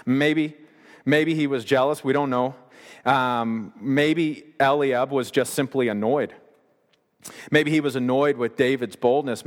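A man's voice: mid-range voice, unhurried. A man preaching a sermon, retelling scripture in a conversational way with paraphrased asides. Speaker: pastor. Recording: long reverb of a large hall.

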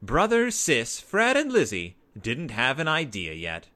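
A man reads a children's storybook aloud with great expression. His voice is bright and forceful. His pitch rises and falls widely as he tells the tale. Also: unhurried. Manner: expressive, animated. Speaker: narrator.

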